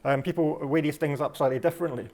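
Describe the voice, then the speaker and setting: A man's voice: a little high, fairly even intonation, fast talker, gravelly, darkish tone. A Scottish man from Scotland giving a reflective, lecturing talk, often restarting his phrases. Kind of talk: delivered talk.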